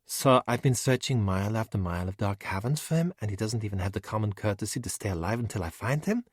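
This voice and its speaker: A man's voice: on the low side, animated, fast talker, no echo, studio quality, voice pushed up. A man voicing a chatty, vain young woman with breezy, exasperated talk in a storybook.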